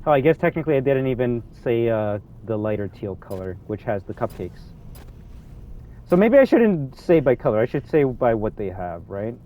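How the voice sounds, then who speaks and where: Young male gaming YouTuber, ranting commentary, lively pitch that jumps around, mellow tone. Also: moderate pace, slight background noise. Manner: excitable, rambling, swings between mutters and loud outbursts.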